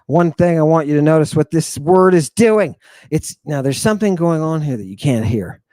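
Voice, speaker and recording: A man's voice: on the high side, normal speed, no room sound. Theatrical man teaching like a drill sergeant. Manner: animated, teasing. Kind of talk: online Ancient Greek lesson.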